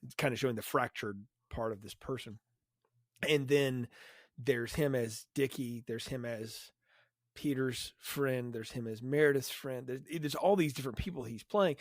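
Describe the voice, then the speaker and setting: A man's voice: medium pitch, no room sound, studio quality. A man co-hosting a film review podcast in casual chat, rambling off into side points as he talks. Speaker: podcast co-host.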